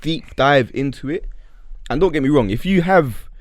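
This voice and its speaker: A man's voice: on the high side, animated, moderate pace, no room sound, studio quality. A young man, co-hosting a podcast in laid-back, teasing casual chat. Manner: laid-back, teasing, calls his friend bro. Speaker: podcast co-host.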